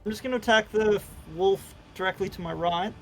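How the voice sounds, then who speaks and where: A man's voice: high voice, brisk, vocal fry, fairly bright tone, slight background noise, rough recording. An Australian man playing a tabletop game, matter-of-fact, reading his rules aloud. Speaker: player.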